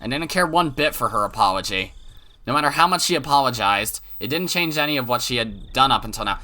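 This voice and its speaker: A man hosting a let's play, reading a visual novel's narration aloud with dramatic flair. His voice is bright and forward, and he breaks off now and then for crude asides and trips over the odd word. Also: medium pitch, lively intonation, a little fast.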